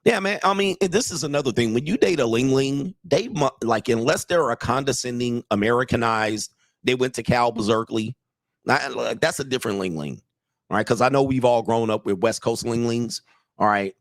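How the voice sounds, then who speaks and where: A man's voice: mid-range voice, normal speed, dry recording. A man who works as a dating coach, giving blunt, mocking casual commentary on clips and talking straight to his viewers.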